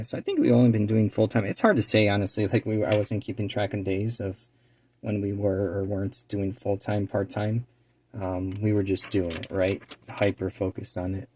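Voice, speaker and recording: Laid-back man, low mellow voice. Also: a little hiss or hum. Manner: rambling, relaxed, many fillers; drops to a quiet near-whisper while focusing. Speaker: eBay reseller and channel co-host. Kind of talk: casual chat while doing a craft task.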